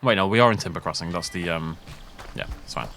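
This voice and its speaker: A man's voice: low-pitched, fast talker, gravelly, sharp tone, slight background noise. A man giving casual gameplay commentary, joking and poking fun at himself. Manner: joking, self-mocking. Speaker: let's play gamer.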